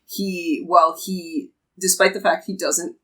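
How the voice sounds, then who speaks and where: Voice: medium pitch, steady tone, unhurried, a bit bright, low-quality recording. Hesitant voice narrating as game master. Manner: hesitant, many ums and restarts while describing.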